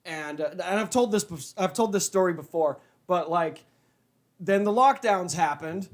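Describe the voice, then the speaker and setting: A man hosting a casual podcast, ranting with profanity and stammered restarts, then settling into a low, laid-back tone. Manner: animated, profane, restarts and stammers when worked up; calms down to a low, mellow, drawn-out tone. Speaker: podcast host.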